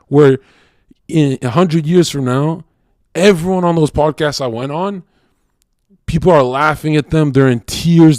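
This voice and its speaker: A young man ranting casually on a livestream, profane and rambling, with many restarts and rhetorical questions, swinging from loud and worked up to low muttering. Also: moderate pace, no echo, studio quality. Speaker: streamer.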